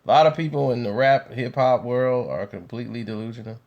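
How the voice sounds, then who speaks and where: A man talking casually to his viewers in an unhurried, conversational way, laughing easily. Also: mid-range voice, highs cut off. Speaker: video commentator.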